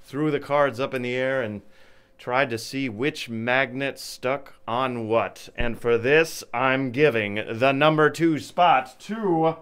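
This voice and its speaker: A man presenting a comedy segment, announcing winners to the ladies and gentlemen like a showman. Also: mid-range voice, slow, clear, resonant tone. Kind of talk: mock awards announcement.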